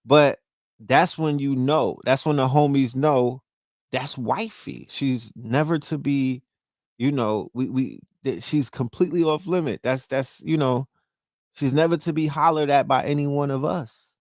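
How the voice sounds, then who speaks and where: A man's voice: mid-range voice, a little slow, darkish tone, no echo. A man hosting a podcast, talking in a loose, profane monologue and often checking in with "you know what I mean?". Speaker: podcast host. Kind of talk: casual monologue.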